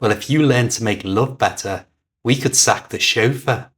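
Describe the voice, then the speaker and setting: A woman's voice: rumbling low, moderate pace, breathy edge. A man voicing a bored, cutting British wife. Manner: cutting, unbothered. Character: bored, dismissive wealthy wife.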